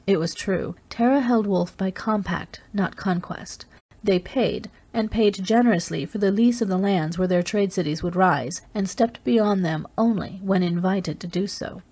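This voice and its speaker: Husky woman narrating an audiobook. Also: lowish voice, moderate pace, darkish tone. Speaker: audiobook reader. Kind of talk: scripted first-person narration.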